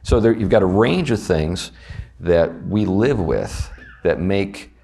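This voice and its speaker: Southern male Bible teacher, low voice with lively inflection, chatty classroom delivery. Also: slow, gravelly, husky. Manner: conversational, animated, asks the class questions. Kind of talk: teaching a class on a confession of faith.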